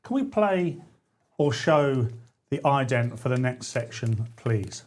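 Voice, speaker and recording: A man's voice: medium pitch, very animated, slow pace, darkish tone. A man hosting a comic radio show, reading out listener letters in a mock-earnest way and breaking into giggles. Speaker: radio host. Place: radio studio.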